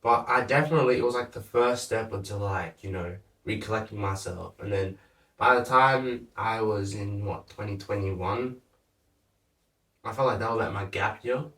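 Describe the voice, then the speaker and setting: A man's voice: fairly low pitch, moderate pace, a bit bright. Laid-back young man, echoey room. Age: young adult. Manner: laid-back, laughs often, lots of "like". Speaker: podcast guest. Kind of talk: casual chat. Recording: echoey room, mic at a distance.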